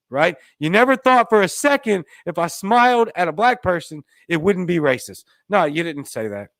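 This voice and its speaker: A man's voice: a bit bright, no room sound, studio quality. A man hosting an opinion show, talking in a sarcastic, emphatic rant. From Louisiana. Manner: sarcastic, emphatic, rants with rising pitch. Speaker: podcast host. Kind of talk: opinionated commentary monologue.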